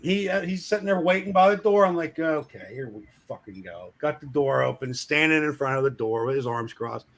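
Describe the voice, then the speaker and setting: Brief: animated man spinning a foul-mouthed shop-floor yarn, slightly high voice. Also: brisk, vocal fry, hardly any pauses. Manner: animated, acts out shouting coworkers. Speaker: streamer telling a work story. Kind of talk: casual storytelling with profanity.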